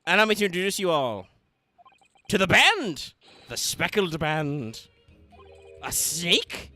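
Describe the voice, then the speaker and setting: A theatrical, grandiose gentleman detective with a put-on British accent, voiced by a man and read from a game. Every phrase is declaimed, bright and ringing, with a pitch that rises and falls widely. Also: big pitch swings, takes it slowly, no echo, faint music behind, heavily acted. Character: pompous male Victorian detective, theatrical, grandiose. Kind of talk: reading game dialogue aloud.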